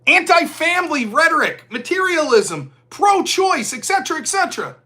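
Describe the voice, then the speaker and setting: On his political live stream, a male host reads out donations and ridicules opponents with sarcasm, imitating them in exaggerated voices. He talks fairly quickly with few pauses, in a very high, sing-song voice that sounds pushed and bright.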